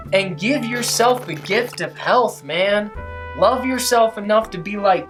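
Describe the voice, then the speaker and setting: A woman's voice: medium pitch, expressive, takes it slowly, over music. A young adult woman vlogger giving a casual motivational monologue, swearing constantly and talking emphatically in rambling runs.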